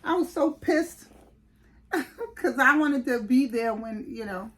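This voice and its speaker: Middle-aged lady vlogging, chatty and animated, kinda high voice. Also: takes it slowly. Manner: animated, lively retelling with quoted voices and laughs. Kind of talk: casual storytelling chat.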